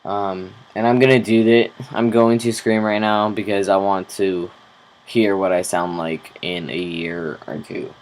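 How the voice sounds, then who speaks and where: Young man, relaxed unhurried delivery, casual swearing, diary-style vlog to camera. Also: fairly low pitch, background noise. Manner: slow, rambling, swears casually. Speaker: vlogger.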